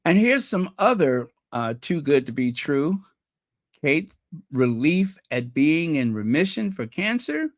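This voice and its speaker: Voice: mid-range voice, very animated, measured pace, dry recording, clean studio sound. A channel host chatting casually with viewers, teasing and gossipy, often trailing off while searching for names and laughing at their own jokes. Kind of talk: casual livestream chat.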